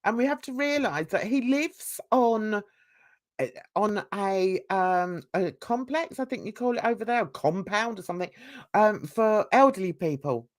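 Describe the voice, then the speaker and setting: Brief: woman host, slow gossipy reaction chat, animated pitch. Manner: chatty, gossipy, laughs often. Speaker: commentary channel host. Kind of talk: casual reaction commentary.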